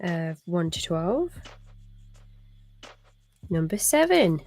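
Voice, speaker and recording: A woman's voice: lowish voice, very animated, very slow, a little mellow, soft background music. A British woman hosting a live charity stream, chatting casually with lots of fillers and restarts. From Britain. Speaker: stream host.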